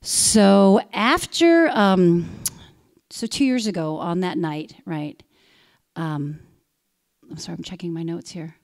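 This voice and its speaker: A woman in her forties, an actress telling a personal story live on stage into a handheld mic, animated and bursting into loud quoted lines. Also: on the low side, slow. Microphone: handheld stage microphone.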